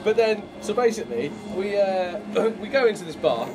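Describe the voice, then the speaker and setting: Brief: chatty band member, high and swooping voice, laughing as he spins a yarn, noisy street behind. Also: moderate pace. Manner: animated, laughing, swearing freely. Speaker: band member, bass player. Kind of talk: casual storytelling. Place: outdoor alley outside a venue. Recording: noisy outdoor street recording.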